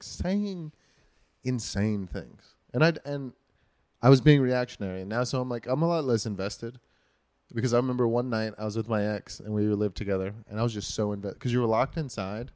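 A man's voice: medium pitch, a little fast, darkish tone, no room sound, studio quality. A man hosting a podcast, ranting animatedly and swearing in casual chat.

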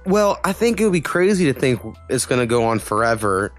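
Male podcast co-host, mid pitch, blunt and profane, ranting in quick bursts over faint music. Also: big pitch swings. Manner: blunt, swears a lot, talks in quick bursts. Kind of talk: casual podcast chat.

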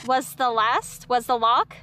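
A woman acting as a medium on an outdoor ghost hunt, relaying spirit box words in halting, drawn-out fragments. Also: fairly high pitch, sharp tone, a little hiss or hum. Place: outdoors in a park at night.

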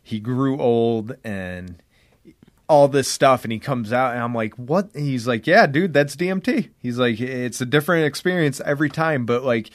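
A man's voice: mid-range voice, normal speed, no room sound, studio quality. Young man rambling through a story. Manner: rambling storyteller, heavy swearing and "like" fillers. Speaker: podcast host. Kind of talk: casual podcast chat.

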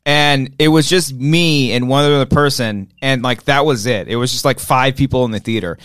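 Dry-voiced man telling animated stories. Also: mid-range voice, moderate pace, clean tone, no room sound. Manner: profane, animated storytelling. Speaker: podcast co-host. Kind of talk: casual chat.

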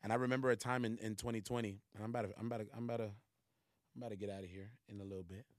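Man preacher, lowish voice, dry close sound, casual slangy sermon that builds to emphatic points. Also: steady tone, rapid-fire, no room sound.

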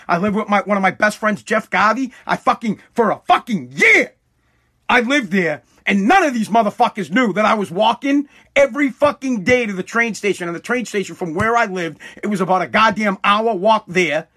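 A man's voice: high-pitched, bright, forceful tone. A man telling a casual story bluntly, full of swearing and restarts. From Massachusetts.

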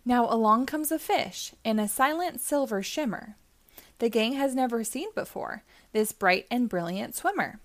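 A woman's voice: a little high, expressive, normal speed, no room sound. A woman hosting storytime, reading a rhyming children's book aloud in a sing-song manner. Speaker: storytime host.

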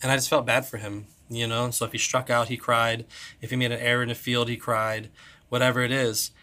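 Casual podcast co-host, man in his thirties, bright tone, animated storyteller who voices the people he quotes. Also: brisk. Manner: animated storyteller, acts out quotes with big pitch jumps. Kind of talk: casual chat.

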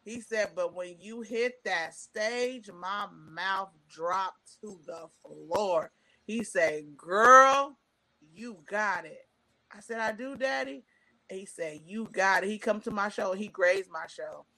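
A woman's voice: medium pitch, slow pace. A middle-aged woman, a stand-up comedian, telling a long personal story in casual chat, acting out quotes from the people in it. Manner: animated, quotes people in voices, emotional.

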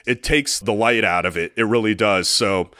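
A middle-aged man co-hosting a sports podcast, telling a youth soccer story in an excitable, profane way and acting out shouting parents. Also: lowish voice, moderate pace, dry recording. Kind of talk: animated storytelling chat.

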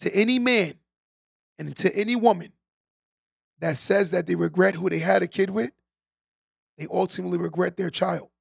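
A man's voice: high voice, moderate pace, creaky, pauses often, breathy edge, no room sound, studio quality. A man hosting a live stream, giving a preachy motivational talk to his viewers, repeating his key lines and often tagging them with "right?". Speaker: podcast host on a live stream.

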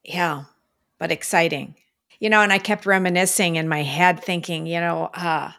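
Gravelly-voiced comforting mother. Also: fairly low pitch, steady tone, normal speed, sharp tone. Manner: soothing, motherly, emotional. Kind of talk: casual chat.

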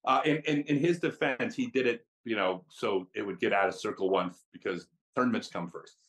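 A man who is a podcast guest and tells chatty, animated stories with frequent restarts. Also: fairly low pitch, brisk. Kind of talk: casual storytelling.

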